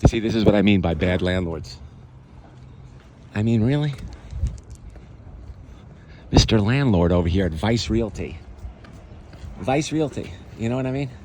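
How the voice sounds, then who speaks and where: A man with a fairly low voice walks the streets and talks to his handheld camera in a chatty, sarcastic way. Faint traffic noise runs behind him outdoors. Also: lively intonation, a little slow, long pauses. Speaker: vlogger walking his neighborhood. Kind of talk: casual walking vlog.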